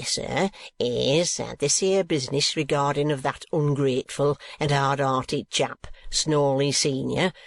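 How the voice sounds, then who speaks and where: A man's voice: a little high, gravelly, dry recording. A man voicing a coarse, evasive middle-aged schoolmaster who talks in ungrammatical rustic speech and pleads his way around hard questions.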